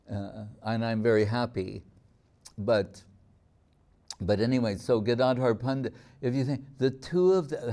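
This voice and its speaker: A man with a mellow, warm voice gives a devotional talk, telling stories reflectively to the people with him. He often slows down on key words and draws out phrases. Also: medium pitch. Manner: reflective storytelling, slowing on key words, chuckling. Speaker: spiritual teacher.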